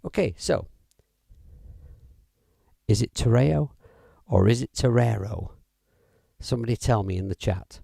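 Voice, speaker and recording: A man's voice: lowish voice, lively intonation, normal speed, vocal fry, long pauses, dark tone, husky, no room sound, studio quality. A middle-aged man, casually demoing music apps on a live stream, chatty and rambling with fillers and self-corrections. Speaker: music app demo livestreamer. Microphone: audio interface mic.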